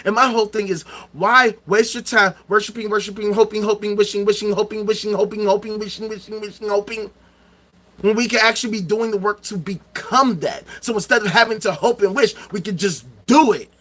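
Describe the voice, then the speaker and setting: A man with a high, bright voice rants to his viewers, swearing often and repeating himself for effect. He sounds middle-aged and keeps firing off rhetorical questions. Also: fairly even intonation, fairly quick. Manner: loud, profane, repetitive rants. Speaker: streamer. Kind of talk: ranting livestream monologue.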